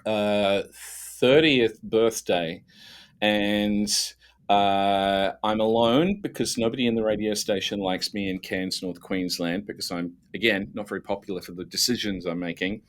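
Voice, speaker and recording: A man, a guest telling lively, self-mocking stories from his career with many restarts. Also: lowish voice, unhurried. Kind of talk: casual storytelling.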